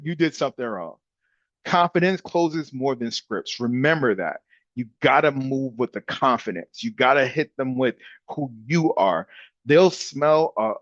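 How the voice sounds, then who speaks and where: A man giving a casual, energetic real estate training talk in a punchy coaching manner. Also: medium pitch, no echo. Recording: dull dry sound.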